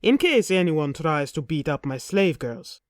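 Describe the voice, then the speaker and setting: A woman's voice: low-pitched, big pitch swings, measured pace, dry recording, clean studio sound, voice pushed down. A woman voicing a callous male Viking slave trader who speaks in a cold, mocking, blunt way.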